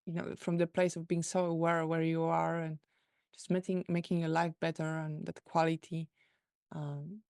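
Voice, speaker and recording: A woman host with a Polish accent, asking questions in a halting way as she searches for words. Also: low-pitched, little pitch movement, gravelly, a little mellow, no echo, clean studio sound. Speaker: interview host. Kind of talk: conversational interview.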